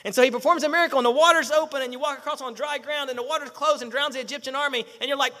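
A middle-aged male pastor preaching a sermon, animated, acting out quotes and firing rhetorical questions at the congregation. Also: extremely high pitch, quick pace, few pauses, big-room sound.

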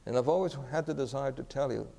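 A man's voice: mid-range voice, fast talker, creaky, mellow. A man preaching as a pastor, telling a story earnestly and asking the congregation questions. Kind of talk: sermon storytelling. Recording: echoey hall.

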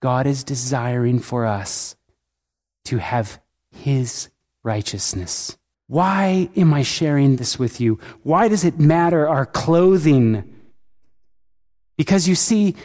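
A man's voice: on the high side, darkish tone. A man preaching a sermon in an earnest way, often asking his listeners questions. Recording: reverberant hall.

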